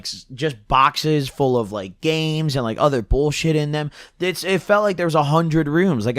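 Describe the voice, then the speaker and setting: A young man with a slightly high voice rambles through a story, dropping slang and filler at every turn. His throat sounds a little scratchy. The sound is dry and close, with no room around it. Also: no room sound. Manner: slangy, rambling, says "dude" constantly. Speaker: storyteller vlogger. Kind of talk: casual storytelling.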